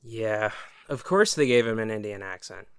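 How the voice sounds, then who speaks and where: A man hosting a comedic movie review, narrating with sarcastic remarks and deadpan asides. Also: on the low side, moderate pace, clear, resonant tone, no room sound, clean studio sound. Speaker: comedy video host. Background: faint music.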